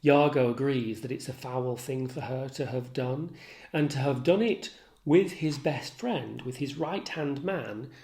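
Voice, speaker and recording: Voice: mid-range voice, unhurried, darkish tone. A literature tutor explaining a play in an informal, thoughtful way, with fillers. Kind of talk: literature lesson, reading and analysing a play.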